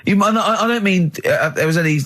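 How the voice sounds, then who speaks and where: An English man hosting a radio show, telling lively anecdotes and teasing his co-hosts in casual studio banter. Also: high voice, quick pace. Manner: animated storyteller, mimics people in his stories, laughs often. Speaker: radio host.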